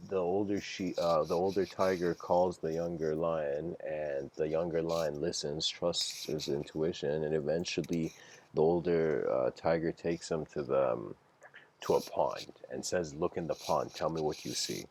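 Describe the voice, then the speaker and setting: A man's voice: extremely low pitch, measured pace, a little mellow, slight background noise. A man giving a casual livestreamed lecture, rambling and using many "like" fillers as he tells stories. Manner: rambling, heavy use of "like" fillers.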